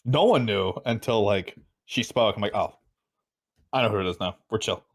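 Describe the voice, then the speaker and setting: Low-voiced man in casual chat. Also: moderate pace. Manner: relaxed, swearing, quotes himself in stories. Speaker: podcast co-host.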